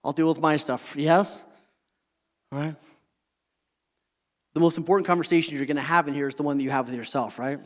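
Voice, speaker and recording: A middle-aged man with a fairly high voice delivers a motivational talk, earnest and heartfelt, and keeps checking in with the crowd. His voice carries a long hall reverb, as if caught in a big room. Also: steady tone, a little fast, long pauses. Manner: heartfelt personal storytelling. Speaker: motivational speaker. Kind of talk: motivational talk to a live audience.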